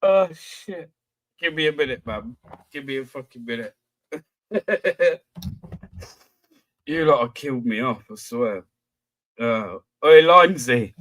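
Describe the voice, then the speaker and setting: A British man hosting a casual livestream quiz, who laughs often, swears freely and reads riddles out slowly. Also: mid-range voice, animated, fairly bright tone, no echo. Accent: British English.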